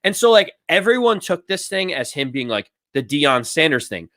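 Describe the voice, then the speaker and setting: Dude on a sports podcast, fairly high voice, walks through the story and does the quotes. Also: male voice, big pitch swings, moderate pace, fairly bright tone, no echo, clean studio sound. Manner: explanatory storytelling, acts out quotes. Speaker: podcast co-host. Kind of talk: casual sports chat.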